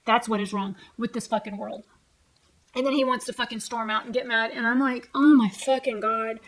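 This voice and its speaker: A woman in her forties, a vlogger perched on a tall stool at home, rants angrily in a brisk, slightly high, a bit bright voice with fairly even intonation. Her delivery is blunt, heated, and full of curses as she acts out past arguments line by line, captured on a low-quality recording.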